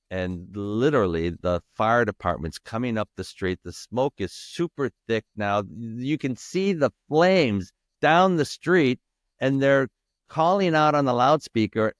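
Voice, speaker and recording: A man's voice: medium pitch, animated, measured pace, no room sound, studio quality. A man as a podcast guest, candidly telling a personal story, emphatic and raw, with frequent restarts and the odd swear word.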